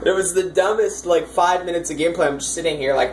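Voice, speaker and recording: Low-voiced woman recounting a game. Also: a little fast, few pauses, a little hiss or hum, poor audio. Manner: chatty, rambling, many fillers, amused. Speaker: dungeon master. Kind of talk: casual storytelling of a tabletop campaign.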